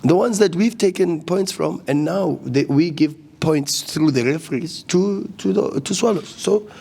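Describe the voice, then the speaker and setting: Fired-up coach, high-pitched. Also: male voice, measured pace, gravelly, warm tone, breathy edge. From South Africa. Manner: passionate, repeats words when agitated. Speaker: football coach. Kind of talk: post-match press conference.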